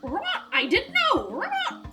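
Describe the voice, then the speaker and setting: A woman's voice: extremely high pitch, wildly swooping pitch, slow pace, over loud music. A woman hosting a puzzle game let's play, reading clues aloud and musing as she works them out, laughing easily.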